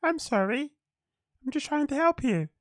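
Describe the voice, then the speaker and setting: A man putting on a soft, meek, apologetic voice to mock someone as falsely innocent. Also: very high-pitched, lively intonation, moderate pace, no room sound, clean studio sound, voice pushed up. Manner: sarcastic, whiny mock-innocence.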